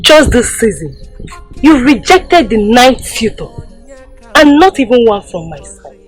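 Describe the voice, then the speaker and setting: An actress playing a sharp-tongued young village woman who scolds emphatically, with a Nigerian accent. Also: a little high, very animated, unhurried, breathy edge, soft background music, full character voice, rough recording. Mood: teasing.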